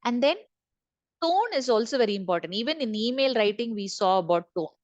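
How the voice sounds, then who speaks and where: A woman's voice: fairly high pitch, animated, brisk, no room sound, muffled recording. Woman trainer on a video call, dry sound. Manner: repeats key points for emphasis, asks the group questions. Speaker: corporate trainer. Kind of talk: online training session.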